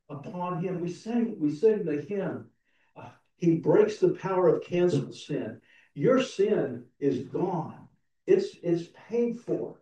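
A man's voice: fairly high pitch, mellow. A man preaching a conversational, self-deprecating sermon in a church, often restarting his sentences. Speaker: pastor. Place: church sanctuary. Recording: roomy, distant, dull sound.

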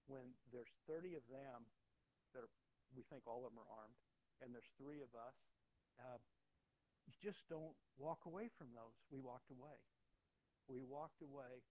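A male pastor preaching, telling a personal story in an earnest, halting way with frequent restarts, dropping to a soft hush on key lines. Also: medium pitch, rough recording.

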